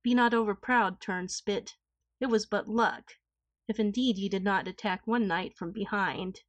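A woman's voice: medium pitch, a little slow, no room sound, close to an everyday voice. A woman voicing a proud, mocking young noble damsel in a storybook reading, dry and close. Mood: scornful. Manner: haughty, mocking.

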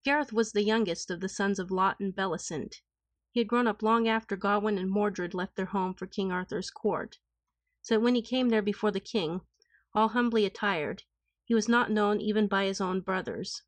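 A woman reading an old tale aloud in a calm, even, formal way. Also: mid-range voice, normal speed, dry recording. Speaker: audiobook narrator. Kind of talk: scripted storybook narration.

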